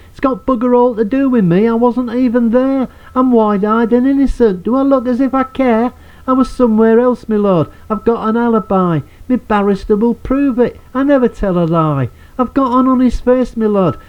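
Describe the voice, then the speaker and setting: Bloke doing a london wide boy in the dock, all indignant, higher pitched, muffled recording. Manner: brash, indignant, defensive. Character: cheeky London man protesting his innocence in court.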